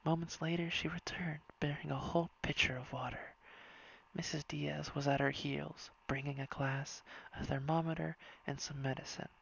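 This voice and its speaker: A reader narrating a whispered bedtime story in a soft, hushed and unhurried way. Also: mid-range voice, steady tone, gravelly, slightly rough. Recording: dull lo-fi recording.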